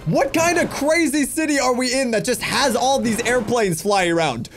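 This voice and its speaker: A young man commentating on a video game he is playing, excitable and joking, talking to his viewers. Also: very high-pitched, normal speed, few pauses, faint music behind. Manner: excitable, jokey, addresses viewers as guys. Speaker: gaming YouTuber. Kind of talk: energetic let's-play commentary.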